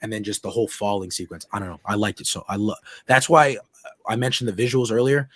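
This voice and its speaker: A man's voice: fairly low pitch, steady tone, fast talker, no echo. A young man hosting a podcast, chatting casually and enthusiastically with many restarts. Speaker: podcast host. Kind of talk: casual chat.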